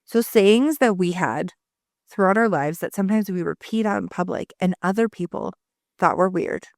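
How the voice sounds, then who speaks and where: A woman's voice: mid-range voice, normal speed, dry recording, studio quality. A woman in her forties co-hosting a podcast, talking in a rambling, casual way with lots of fillers and the odd swear. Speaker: podcast co-host; mother. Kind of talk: casual chat.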